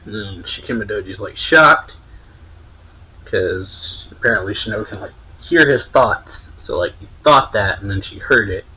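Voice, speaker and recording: Man, manga reviewer, casual rambling recap, husky voice, dull lo-fi mic. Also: on the low side, lively intonation, measured pace, bright, forceful tone. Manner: loose and rambling, heavy on "like".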